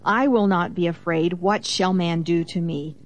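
A woman's voice: fairly low pitch, normal speed. A woman co-hosting a Christian teaching program, reading Bible verses aloud with emphasis and explaining them in a conversational way. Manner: reads scripture aloud with emphasis, affirming interjections.

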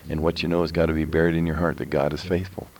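A man's voice: a bass voice, level tone, very fast, a little mellow. A man co-hosting a Christian talk show, urging his listeners directly in a preaching manner. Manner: exhorting, direct address to listeners. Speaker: co-host.

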